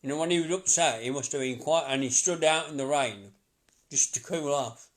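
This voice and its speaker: A man's voice: fairly high pitch, moderate pace. A middle-aged man working as a psychic medium, giving a live reading to a sitter in a chatty, repetitive way, laughing often.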